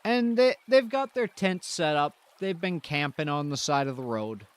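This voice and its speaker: A man from Canada narrating a role-play stream as game master, laid-back and unhurried. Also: on the high side, expressive, clean tone.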